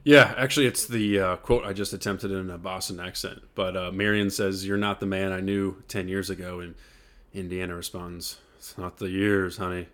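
A man co-hosts a casual faith podcast in a somewhat low voice. He is earnest and reflective and laughs easily as he speaks. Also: fairly even intonation, moderate pace, fairly bright tone. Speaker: podcast co-host.

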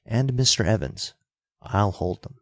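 A man's voice: on the low side, unhurried, no room sound, studio quality. A man voicing a bold young male officer who gives urgent commands in the middle of a fight. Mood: firm.

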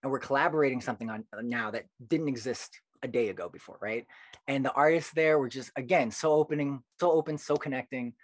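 A man, a poet guest on a podcast, telling stories in an earnest, animated way. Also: mid-range voice, fast, no echo. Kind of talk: casual podcast conversation.

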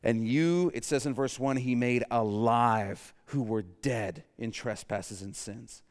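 Male pastor, mid-pitched, preaching with big swings from loud to hushed, in a reverberant hall. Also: takes it slowly. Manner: calls for audience response. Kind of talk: sermon.

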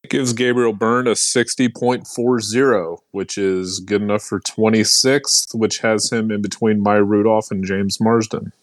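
Male co-host, lowish voice, dry delivery, casual chat. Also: fairly even intonation, a little slow, hardly any pauses, no room sound. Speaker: podcast co-host.

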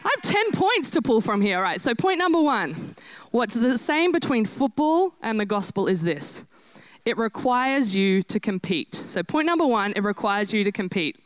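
Energetic woman preacher, bright and clear. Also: a little high, moderate pace, no echo. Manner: lively, self-deprecating, animated preaching. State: out of breath. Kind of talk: energetic sermon.

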